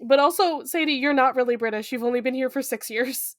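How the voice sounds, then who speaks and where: Co-hosting a podcast, this young woman talks briskly in a high voice, keeping the book discussion casual and full of playful asides and frequent laughs. The sound is clean studio audio with no echo.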